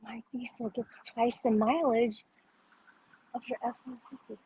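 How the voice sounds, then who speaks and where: A woman's voice: a little high, steady tone, a little slow, mellow, husky, low-quality recording. A young woman chatting casually on a livestream, reading viewer comments, laughing often and swearing freely.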